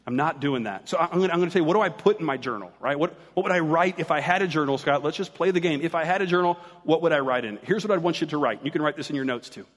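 A man's voice: a little high, very fast, few pauses, big-room sound. A man preaching a sermon as pastor, talking in a casual, conversational way and joking with the congregation.

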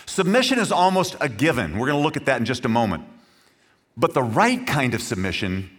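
A man's voice: on the high side, a bit bright. A man preaching a sermon to his congregation, earnest and emphatic, speaking directly to the listeners. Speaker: pastor.

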